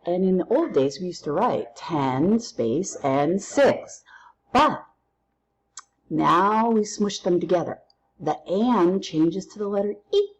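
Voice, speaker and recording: A woman teaching a recorded lesson through counting drills, playful and quick to use silly memory tricks. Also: fairly low pitch, animated, highs cut off. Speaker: Spanish teacher.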